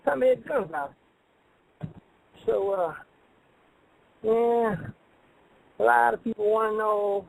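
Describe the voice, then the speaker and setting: A man's voice: extremely high pitch, slow pace, vocal fry, pauses often, a little mellow, no room sound, poor audio. A man hosting a comedic call-in radio show, talking in a rambling, boastful way with broken grammar.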